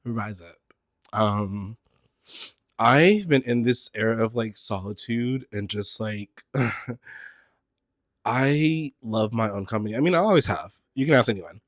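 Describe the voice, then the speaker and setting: A man's voice: on the low side, expressive, unhurried, no echo. Man, thirties, solo podcast host, sing-songy, scattered, campy asides, dry close sound. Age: 30s. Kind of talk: casual solo chat. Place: his apartment.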